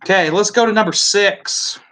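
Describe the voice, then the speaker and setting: A man's voice: high voice, normal speed, pushed and bright, a little hiss or hum. A man with a Midwestern American accent hosting a casual live tasting, chatty and musing aloud as he goes. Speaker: host.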